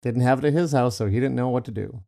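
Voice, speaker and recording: A man's voice: mid-range voice, fast talker, vocal fry, mellow. A middle-aged man co-hosting a podcast, joking drily and recalling childhood in casual chat. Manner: dry, wry joking. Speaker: podcast co-host.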